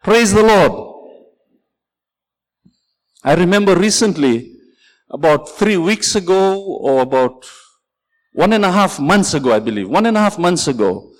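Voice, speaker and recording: A man's voice: high-pitched, in a large hall, poor audio. A man preaching a sermon as pastor, telling a story and calling out "Amen" and "Praise the Lord" to his congregation.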